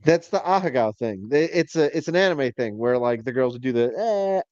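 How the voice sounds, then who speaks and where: A man's voice: medium pitch, lively intonation, normal speed, darkish tone, no room sound. Laid-back male co-host on dull audio. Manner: laid-back, chuckling, explains things. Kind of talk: casual panel chat over video call.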